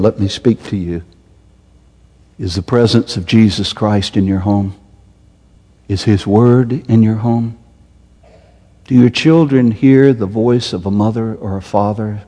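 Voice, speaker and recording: A man preaching a sermon as a pastor, impassioned, climbing to loud, emphatic peaks and then dropping to a soft, intimate tone. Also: mid-range voice, big-room sound.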